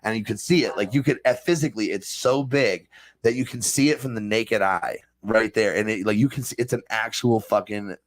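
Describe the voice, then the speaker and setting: A man's voice: lowish voice, a little fast. A man hosting a podcast in casual chat, laid-back, swearing freely and calling everyone bro and man. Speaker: podcast host.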